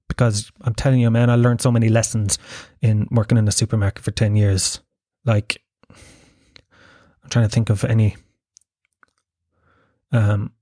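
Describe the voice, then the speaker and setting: A man's voice: lowish voice, mellow, no room sound, clean studio sound. A man hosting his podcast, delivering a rambling, profane monologue and laughing at his own jokes. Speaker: podcast host. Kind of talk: casual ranting monologue.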